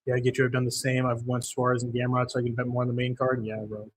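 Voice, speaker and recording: Heavy cursing fills this young streamer's frustrated rant about losing a bet while he watches fights live and reads comments from chat aloud. His mid-range voice comes out at a quick pace with a completely flat delivery.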